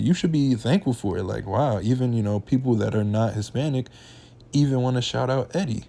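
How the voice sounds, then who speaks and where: A man's voice: mid-range voice, a little fast, gravelly, warm tone. A young man hosting a reaction channel, ranting in heated, slangy casual commentary.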